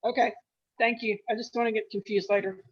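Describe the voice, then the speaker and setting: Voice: medium pitch, little pitch movement, fast, slightly rough, dull audio. A student in a Latin class politely asking the teacher about pronunciation. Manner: polite, careful questioner. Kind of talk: classroom question.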